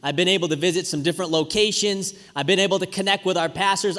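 A man, a pastor preaching a sermon with lively, conversational storytelling. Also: high voice. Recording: reverberant hall.

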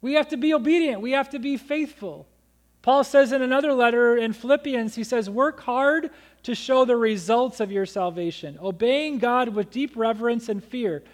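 A pastor delivers his sermon in a strikingly high voice for a man. He speaks earnestly and urges his listeners on, reading scripture aloud and now and then acting out the excuses people make. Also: moderate pace. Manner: earnest, exhorting, quotes scripture and acts out excuses.

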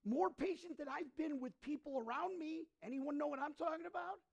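A male pastor preaching a sermon, often asking the congregation questions and swinging between hushed and emphatic delivery. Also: extremely high pitch, brisk, dull audio.

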